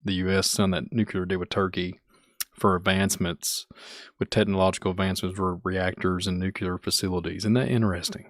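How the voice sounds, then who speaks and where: A man's voice: low-pitched, little pitch movement, brisk, fairly bright tone, dry recording, clean studio sound. A man from Kentucky with a Kentucky accent, hosting a livestream podcast, rambling and repeating himself as he reads the chat. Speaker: podcast host. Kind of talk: casual livestream talk reading chat.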